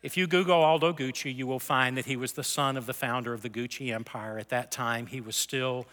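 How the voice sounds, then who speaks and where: A man's voice: mid-range voice, steady tone, brisk, fairly bright tone. A middle-aged male pastor preaching a sermon, telling a story in an earnest way with frequent restarts. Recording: long hall reverb.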